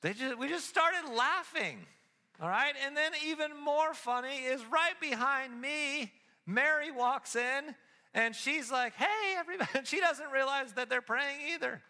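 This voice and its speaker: A man giving a casual, animated sermon as pastor, telling stories with his voice rising as he gets excited. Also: very high-pitched, measured pace, in a large hall.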